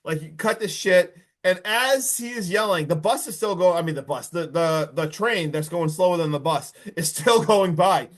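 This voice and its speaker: Man, podcast co-host, casual chat, excitable and slangy, slightly high voice. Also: moderate pace, hardly any pauses. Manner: excitable, slangy, peppers talk with "dude" and "like". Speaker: podcast co-host recapping a movie.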